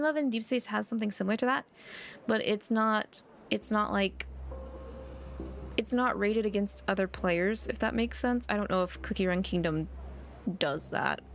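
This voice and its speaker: A young woman streamer reads a story game aloud and chats casually with her viewers, often stopping to restart her words. Her mid-pitched voice carries a gravelly fry. Faint game music sits behind her. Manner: chatty, chatting to viewers, with frequent restarts. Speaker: VTuber streamer.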